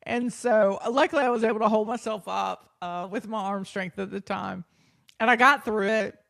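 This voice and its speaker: A woman hosting a podcast, telling a personal story in an animated, self-deprecating way, often laughing mid-sentence and acting out past thoughts. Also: mid-range voice, moderate pace, creaky, no echo, studio quality. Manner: acts out her own past thoughts and others' speech; frequent restarts and fillers. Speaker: podcast host.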